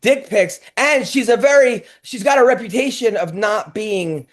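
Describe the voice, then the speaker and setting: A man's voice: high-pitched, moderate pace. A middle-aged man hosting a comedy podcast, telling rambling anecdotes full of restarts in casual banter. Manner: rambling storyteller with many restarts.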